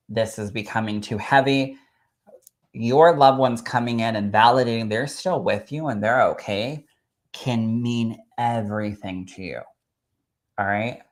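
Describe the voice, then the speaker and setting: Candid, animated male medium. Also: mid-range voice. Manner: animated, candid, swears casually. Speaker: psychic medium. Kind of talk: casual chat.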